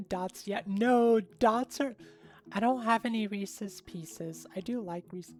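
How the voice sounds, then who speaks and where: Chatty young woman streamer, slow talker. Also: mid-range voice, a little mellow, faint music behind. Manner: bubbly, chatty, laughs often, talks to chat. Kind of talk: casual live-stream chat.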